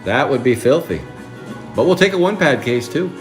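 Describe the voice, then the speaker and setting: A man hosting a live trading card break, chatting excitably and calling out card names. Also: mid-range voice, moderate pace, faint music behind.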